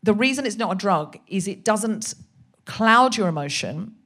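A woman guest on a podcast, telling a comic story in a casual, animated way, sometimes swearing and acting out voices. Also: medium pitch, normal speed. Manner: animated, swearing, acts out voices in her anecdotes.

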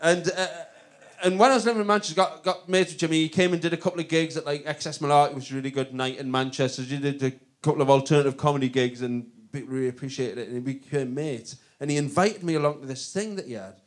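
A man's voice: fairly high pitch, fast talker. A man with a Northern English accent telling rambling comic anecdotes in a casual chat, often breaking into laughter. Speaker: comedian guest.

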